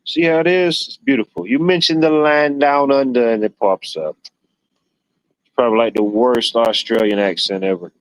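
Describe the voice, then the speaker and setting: A man's voice: medium pitch, moderate pace, no room sound, rough recording. A man hosting a livestream, chatting casually, rambling and joking with viewers. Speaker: livestream host. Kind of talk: casual chat reading viewer comments.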